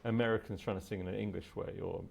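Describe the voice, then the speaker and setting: A man's voice: lowish voice, steady tone, quick pace, gravelly, a little mellow. A man co-hosting a podcast in casual chat, rambling and opinionated with a nerdy streak. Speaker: podcast co-host.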